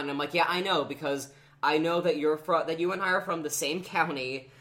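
A man's voice: on the high side, a little fast. A man hosting a podcast, telling a story in casual chat, acting out the quotes with lots of fillers. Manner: animated, acts out quotes with many fillers. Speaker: podcast host.

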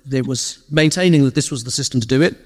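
A man as an interview guest, casually telling animated stories and acting out quoted lines. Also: mid-range voice, fast, long reverb tail. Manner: lively storyteller, animated quoted asides. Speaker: interview guest, former games PR director. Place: live event stage.

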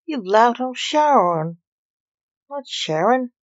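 A woman voicing a gruff, impatient male Grim Reaper who snaps with exasperation, read as a storybook voice. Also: mid-range voice, fairly even intonation, takes it slowly, darkish tone, dry recording, lightly acted. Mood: irritated. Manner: snappish, exasperated. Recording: dull lo-fi recording.

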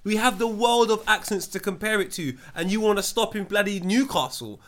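A man's voice: high voice, a little fast, a bit bright. A man co-hosting a podcast, chatting in a joking, opinionated way. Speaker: podcast co-host. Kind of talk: casual chat.

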